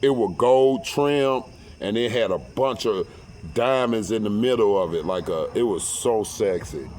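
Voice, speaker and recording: A man telling a personal story in casual, profane speech, acting out quotes loudly and often repeating and restarting his words. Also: on the low side, measured pace, slight background noise.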